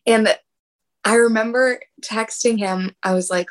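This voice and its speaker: A young woman tells a personal story in casual chat, laughing often and animatedly acting out what people said. Her voice sits fairly low and moves at a moderate pace, and the recording quality is low.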